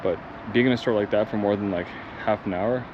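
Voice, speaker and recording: A man vlogging while traveling, casual and excitable, rambling and swearing. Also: lowish voice, fairly quick. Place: outdoors and in temples while traveling. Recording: dull lo-fi audio with clear background noise.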